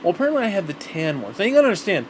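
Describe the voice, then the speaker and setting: A man's voice: sits high, very animated, rapid-fire, slight background noise. A man ranting to the camera in a rambling, profane monologue, repeating himself as he grows heated. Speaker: vlogger.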